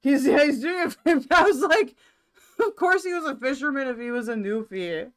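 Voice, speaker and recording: A woman's voice: sits high, lively intonation, moderate pace. A woman hosting a reaction video, rambling and exclaiming in bemused commentary.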